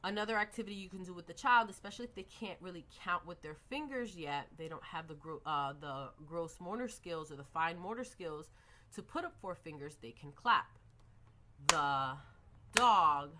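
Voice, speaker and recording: A woman's voice: fairly low pitch, animated, brisk, pushed and bright. A young adult woman giving a methodical lesson on early reading, modeling classroom prompts for children. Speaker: teacher educator.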